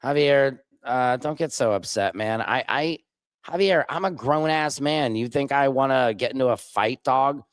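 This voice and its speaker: A man's voice: mid-range voice, normal speed, clear, resonant tone, no room sound. A man hosting a live stream, reading viewer comments and answering them bluntly and sarcastically. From Missouri. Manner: blunt, sarcastic, reacts loudly to clips.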